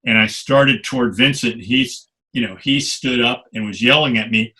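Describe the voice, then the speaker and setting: Older male guest, vivid anecdotal storyteller with a bright, forceful tone. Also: mid-range voice, moderate pace, slightly rough. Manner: animated anecdotes, salty language. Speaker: guest photographer. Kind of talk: storytelling interview.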